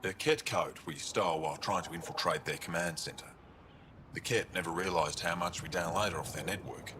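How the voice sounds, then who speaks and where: A thick over-the-top Australian accent. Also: male voice, deep voice, brisk, bright, forceful tone, a little hiss or hum. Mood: earnest.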